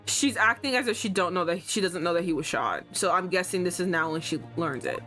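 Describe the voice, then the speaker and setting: A young woman streaming a game, talking casually and excitably with lots of swearing, jumping between loud outbursts and low mutters. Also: a little fast. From United States. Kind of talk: casual let's-play commentary. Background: faint game music.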